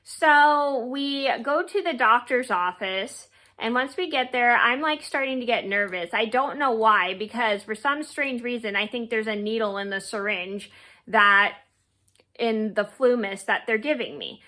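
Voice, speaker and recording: Bright, rambling young woman vlogger. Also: a little high, unhurried. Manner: rambling, many fillers and restarts. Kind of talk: casual storytelling.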